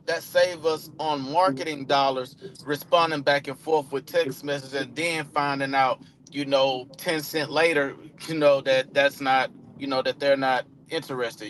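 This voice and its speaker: A man with a slightly higher voice coaching cold calling in a casual live chat. He talks loosely, circles back with restarts and fillers, and slips into lively acted-out phone greetings. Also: slight background noise. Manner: loose, repetitive, acts out phone calls. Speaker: real estate coach.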